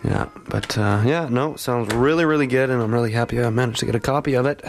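Guy djing a morning radio show, relaxed rambly chat, lotsa ums and uhs, talks pretty quick. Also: medium pitch, slight background noise. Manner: laid-back, rambling with many fillers. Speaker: radio host. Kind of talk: casual radio chat, back-announcing songs. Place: community radio studio.

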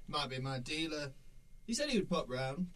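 A man's voice: on the high side, sing-song, normal speed, fairly bright tone. A man doing a cheeky British stoner granddad. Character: ninety-year-old stoner grandfather, cheeky. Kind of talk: sketch comedy acting.

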